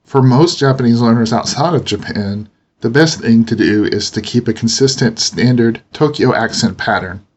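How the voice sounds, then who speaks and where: A man teaching a language lesson, explaining pronunciation slowly and deliberately. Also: mid-range voice. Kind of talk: instructional narration.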